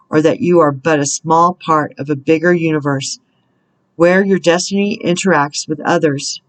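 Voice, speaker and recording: A woman's voice: low voice, low-quality recording. A woman in her fifties, a spiritual counselor reading an inspirational message aloud in an earnest way, stopping now and then to correct herself and exclaim. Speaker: spiritual counselor and card reader.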